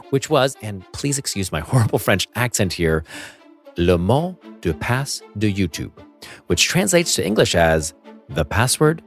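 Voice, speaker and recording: A man hosting a podcast, telling a story in scripted narration with self-mocking humor, then chatting casually with his guest. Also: fairly low pitch. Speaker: podcast host.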